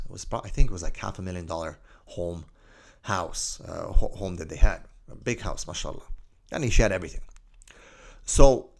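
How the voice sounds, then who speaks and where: Deep gravelly man telling a story. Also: moderate pace. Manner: lively, scattered storytelling with many asides. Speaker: Islamic life coach. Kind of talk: storytelling monologue.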